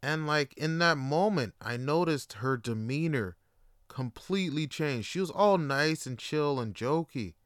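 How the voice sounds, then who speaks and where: Young guy cursing and riffing through a story, kinda high and super bright, dry close sound. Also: no echo. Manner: animated, profane, slangy, lots of fillers. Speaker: podcast host. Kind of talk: casual comedic storytelling.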